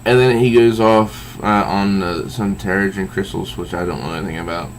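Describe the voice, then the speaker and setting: A man reviewing a comic book, recapping the story in a measured way with asides. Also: low voice, steady tone, a little hiss or hum, poor audio. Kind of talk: summarizing and reading a comic.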